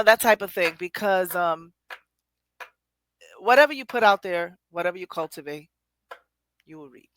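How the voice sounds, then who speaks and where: A woman's voice: fairly low pitch, expressive, normal speed, long pauses, fairly bright tone, no room sound. A woman hosting a poetry show, giving a rambling, conversational motivational talk straight to her audience with frequent laughter. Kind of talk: motivational monologue.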